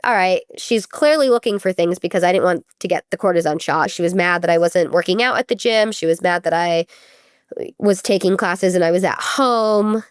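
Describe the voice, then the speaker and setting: Young woman guest, lowish voice, dry close sound, chatty with lots of fillers. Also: normal speed, clear, resonant tone, dry recording. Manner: chatty, many "like" fillers, acts out quoted speech. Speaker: former college gymnast, guest. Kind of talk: casual storytelling interview.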